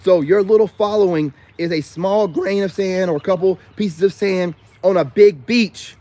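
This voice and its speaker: A defiant man talks himself up in a raised, higher-than-usual voice. He rambles, circling back with repeated asides as he speaks outdoors. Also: normal speed, dark tone. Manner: repeats filler asides often. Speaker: self-styled life coach vlogger. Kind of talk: unscripted rant to camera.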